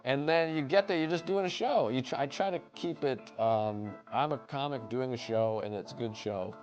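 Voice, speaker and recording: A comedian from New England reflecting on a hometown show in a halting, modest interview voice. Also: male voice, mid-range voice, lo-fi sound. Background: music.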